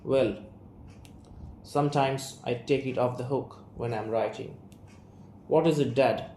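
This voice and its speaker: This is a withdrawn young writer pushing his family away, read by a young man. He speaks with an Indian English accent in a slow, gravelly, restrained voice. The recording is roomy, with faint background hiss. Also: mid-range voice, dark tone, natural voice. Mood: guarded. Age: young adult. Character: young man, guarded, estranged son and writer. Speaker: student reader. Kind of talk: reading an audio play aloud.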